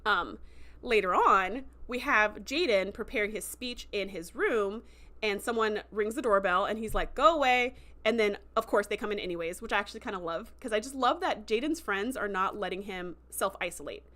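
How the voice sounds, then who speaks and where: A woman hosting a casual livestream review, chatty and enthusiastic, with lots of fillers and quick acted-out quotes. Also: medium pitch, bright, forceful tone. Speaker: show host recapping a TV episode.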